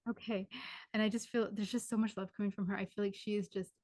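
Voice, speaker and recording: A woman's voice: medium pitch, level tone, fast, darkish tone. A woman working as a spiritual medium, giving a live reading over a video call in a rambling way full of "like" and restarts.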